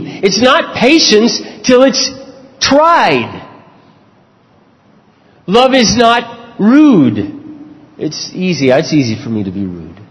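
A man preaching a sermon, telling personal stories with earnest, lively delivery. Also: long reverb tail, lo-fi sound. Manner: storytelling, earnest, lively swings in pitch. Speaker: pastor.

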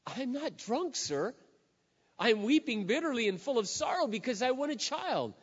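A man's voice: very high voice, big pitch swings, moderate pace, pitched above the performer's own voice, heavily acted. A man putting on a weeping, pleading young woman. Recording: echoey hall, dull lo-fi sound.

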